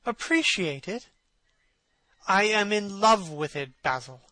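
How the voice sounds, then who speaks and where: A man's voice: high voice, expressive, takes it slowly, pushed and bright, no echo, pitched above the performer's own voice, exaggerated voice. A man reading aloud, voicing a vain, beautiful young man in a passionate, pleading way. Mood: anguished. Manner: impassioned, pleading.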